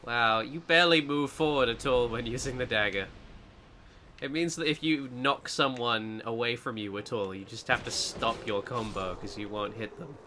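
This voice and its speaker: A man's voice: medium pitch, normal speed, sharp tone, slight background noise. A man co-hosting a casual gameplay video, joking and rambling as he plays and mocks himself. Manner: jokey, rambling, self-mocking. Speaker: gaming co-host.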